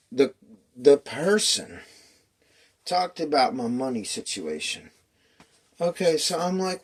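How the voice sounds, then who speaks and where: A man's voice: mid-range voice, darkish tone. A man in his fifties telling a long personal story in a rambling, profane way, acting out what people said. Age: 50s. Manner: profane, restless, storytelling with acted quotes.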